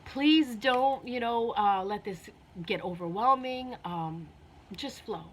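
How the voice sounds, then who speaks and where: A woman speaks to camera at a measured pace in a medium-pitched voice, with slight background noise behind her. As a spiritual vlogger, she's earnest and a little emotional in this casual, heartfelt talk, repeating herself and using many "you know"s.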